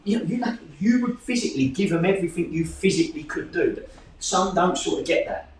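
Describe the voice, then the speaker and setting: A man, a football club manager talking plainly and at length, his pitch jumping as he makes his points. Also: fast, a little hiss or hum. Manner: plain-spoken, rambling, lively pitch swings. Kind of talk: casual discussion. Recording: echoey room from far off.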